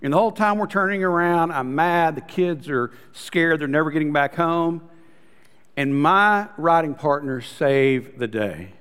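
A male pastor preaching a story-driven sermon, calling the congregation "guys" and dropping to soft, intimate tones. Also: on the high side, measured pace, clean tone, in a large hall.

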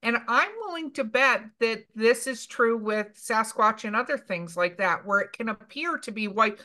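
A woman's voice: on the high side, moderate pace. A woman hosting a paranormal podcast, telling stories and reading listener questions in casual group chat. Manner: animated storyteller, reads listener questions. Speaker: podcast host.

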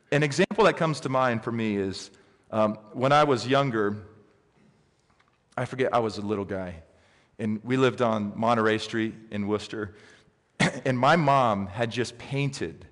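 A middle-aged man preaching a sermon, telling stories with lively swings in pitch and pace. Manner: animated storyteller with big pitch swings. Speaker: pastor. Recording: reverberant hall.

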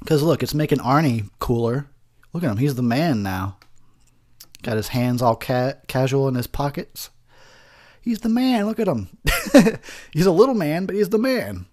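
A man's voice: medium pitch, sing-song, moderate pace, darkish tone. A man giving a rambling, profane, tipsy commentary over a movie, laughing often.

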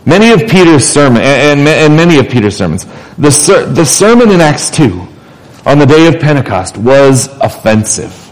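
A man's voice: fairly high pitch, sing-song, normal speed, rough recording. A man preaching a sermon in a casual, conversational way. He often restarts and repeats words as he talks. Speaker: pastor.

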